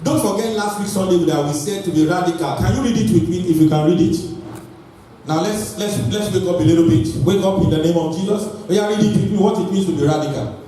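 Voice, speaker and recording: A man preaching an energetic sermon and calling on his congregation to respond. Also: high-pitched, fast talker. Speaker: pastor. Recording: echoey hall, voice from far off, faint noise.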